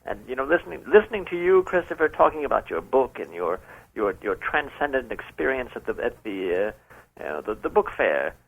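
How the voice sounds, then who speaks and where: A pompous, smug caller putting on grand, mock-formal airs, played by a man. His voice is gravelly and husky, and it rises and falls in lively swings. He teases the hosts with sly, suggestive remarks, like a phone-in on a comedy radio show. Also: medium pitch, brisk, phone-quality sound, heavily acted. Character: pompous prank-caller man posing as a rock singer. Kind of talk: comedic prank call on radio.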